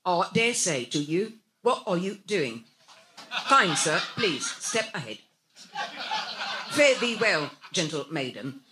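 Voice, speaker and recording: A woman's voice: lowish voice, sing-song, slow pace, long pauses, bright, forceful tone, a little hiss or hum, pitched below the performer's own voice, heavily acted. Give me a pompous Cockney robot prince, stiff and courtly, played by a woman. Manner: mock-courtly, then stuck repeating.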